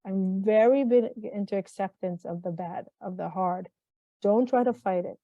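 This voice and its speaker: A woman's voice: medium pitch, moderate pace, no echo. A middle-aged woman speaking as a guest in an interview, talking in an earnest, heartfelt way and often repeating and restarting her phrases. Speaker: guest, mental health consultant. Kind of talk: reflective interview conversation. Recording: dull, dry sound.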